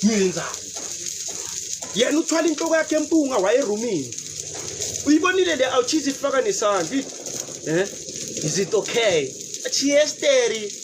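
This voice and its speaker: A South African man giving casual, animated commentary, switching between languages with loud outbursts. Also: very high-pitched, a little fast, noisy background.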